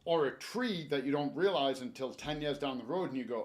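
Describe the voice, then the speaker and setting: A man's voice: medium pitch, brisk. A man who works at a garden store giving casual, joking gardening advice. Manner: chatty, joking, animated advice. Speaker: garden center staff presenter.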